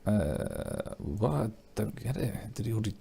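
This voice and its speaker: A man's voice: fairly low pitch, big pitch swings, a little slow, creaky, warm tone, a little hiss or hum, full character voice. A man voicing a polite, puzzled former student in a horror game, speaking hesitantly.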